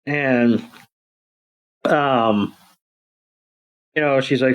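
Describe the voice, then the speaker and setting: Guy on a podcast going over an episode, loose and rambly, fills every pause with um and you know, does little quote voices. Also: mid-range voice. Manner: rambling, many ums and you-knows, acts out quotes. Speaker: podcast co-host. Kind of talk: casual episode recap.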